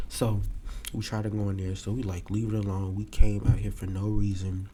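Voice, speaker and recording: A young man talking on a live-streamed podcast, his voice low and mellow. He tells a story in a loose, animated way and leaps up in pitch whenever he acts out a quote. Faint room hum sits behind him. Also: normal speed. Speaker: podcast host. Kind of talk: casual storytelling to a live audience.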